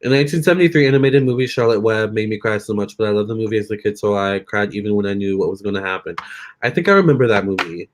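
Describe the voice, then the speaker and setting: A young man chatting casually with viewers during a live stream, expressive and talking straight to his audience. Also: fairly low pitch, rapid-fire. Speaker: live-stream tarot reader.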